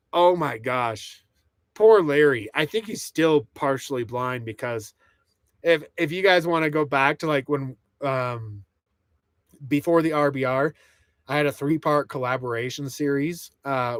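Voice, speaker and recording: A talkative man chatting with viewers on a live stream. His voice sits at a middle pitch and sounds dry, with little room echo, recorded inside a small truck camper. He rambles, restarts, and laughs easily. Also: a bit bright. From United States. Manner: rambling, chatty, laughs often, reads chat aloud. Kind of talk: casual live stream chat.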